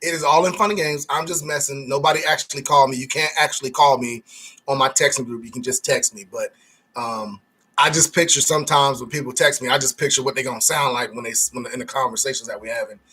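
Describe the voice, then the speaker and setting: A man's voice: medium pitch, fairly even intonation, quick pace, sharp tone, husky. A man hosting a casual live stream, reading chat comments aloud and joking with a laugh.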